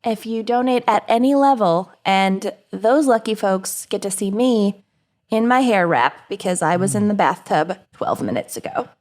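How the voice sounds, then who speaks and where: A woman's voice: medium pitch, lively intonation, moderate pace, darkish tone. A young woman hosting a casual podcast chat, laid-back and giggly, rambling with fillers. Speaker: podcast host.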